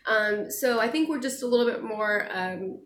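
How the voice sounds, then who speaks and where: A young woman chats casually with viewers, answering their questions in an animated way. Her voice sits on the higher side. The room has a noticeable echo. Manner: chatty, animated, quick laughs. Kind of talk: casual chat. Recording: echoey room.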